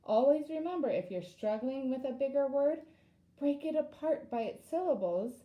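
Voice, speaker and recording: A woman's voice: high voice, animated, moderate pace, muffled recording. A woman teacher leading a reading lesson for young children, sounding out words syllable by syllable.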